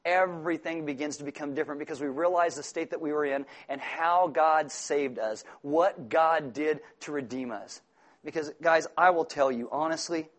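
Earnest preaching man, slightly high voice. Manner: earnest and emphatic, with sudden loud storytelling outbursts. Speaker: pastor. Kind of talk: sermon.

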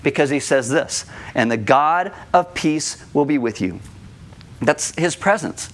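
A man preaching a sermon as pastor, telling stories with lively acted-out voices. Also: on the high side, unhurried. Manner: animated storytelling, acts out kids' voices. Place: church room.

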